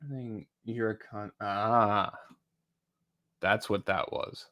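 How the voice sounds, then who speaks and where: Male streamer, casual rambling delivery, heavy swearing, bright tone. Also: lowish voice, steady tone, takes it slowly. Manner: rambling and profane, with many restarts and fillers. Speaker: livestreamer commenting on news. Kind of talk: casual live-stream chat.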